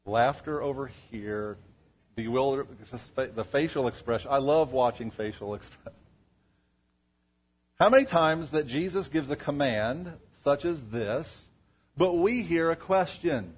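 A man's voice: mid-range voice, animated, unhurried, husky. A man preaching to a congregation, asking them questions in a conversational way. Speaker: pastor. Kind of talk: sermon. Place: church before a congregation.

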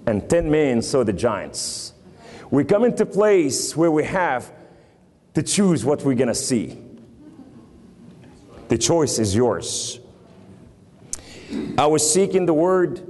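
A man's voice: medium pitch, darkish tone, in a large hall. A man with a New York accent preaching an emphatic sermon in a church, quoting scripture.

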